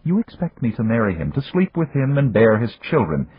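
A man with a very husky voice voicing a proud, stubborn young woman in an audiobook. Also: medium pitch, very animated, fairly quick, dry recording, pitched above the performer's own voice. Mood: defiant. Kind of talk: audiobook character voice. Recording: dry, tinny phone-like audio.

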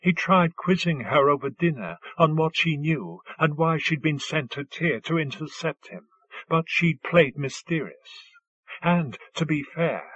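A man narrating a story in a measured, unhurried scripted reading, on a dull lo-fi recording. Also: fairly high pitch, a bit bright, husky, no echo. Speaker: audiobook narrator.

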